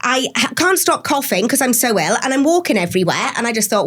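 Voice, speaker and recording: A Welsh woman in her forties, a podcast guest, chatting in an animated way and gasping as she tells her stories. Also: fairly high pitch, fast, slightly rough. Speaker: celebrity guest. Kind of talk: casual chat.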